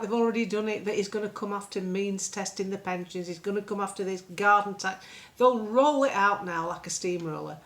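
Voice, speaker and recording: An older woman talks straight to her audience in a casual, rambling monologue. She is sarcastic and scathing, and she pads her points with ums at a mid pitch. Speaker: political blogger.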